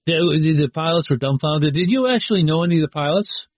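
Male host asking questions, somewhat high voice, off-mic and muffled. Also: animated, quick pace, dry recording. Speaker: interview host. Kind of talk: interview questions. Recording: dull lo-fi sound, off-mic.

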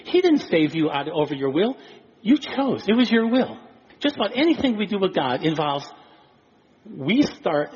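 Man, sermon, high lively voice, animated, faint background noise. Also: dull audio. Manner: animated preaching, acts out quoted voices, chuckles. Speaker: pastor.

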